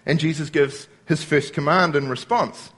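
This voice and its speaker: A man's voice: on the high side, moderate pace, a bit bright, breathy edge. A man preaching a sermon, explaining scripture word by word and quoting lines as he goes.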